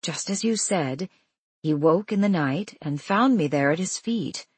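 A woman voicing a young widow who speaks in careful, calm, soft words. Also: fairly low pitch, a little slow, husky, no room sound, heavily acted. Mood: shy.

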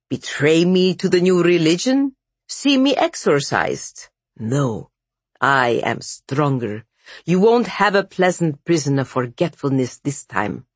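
A narrator voicing a menacing male bear demon in an audiobook, slow, low and threatening, gloating over his enemies. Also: breathy edge, no room sound.

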